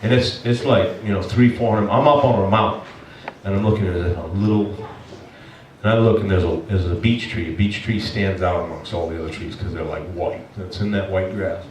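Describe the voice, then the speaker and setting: A male pastor telling a personal story in a sermon, animated and emotional, with many restarts. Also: low-pitched, fairly quick, distant mic, a little hiss or hum. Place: church sanctuary. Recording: echoey church room from afar.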